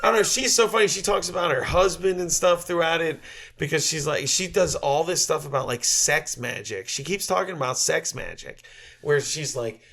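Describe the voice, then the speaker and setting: Podcast co-host, man, a bit high-pitched, rambling and swearing through a story. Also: moderate pace, gravelly, fairly bright tone. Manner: rambling, profane, laughing storyteller. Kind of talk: casual comedic chat.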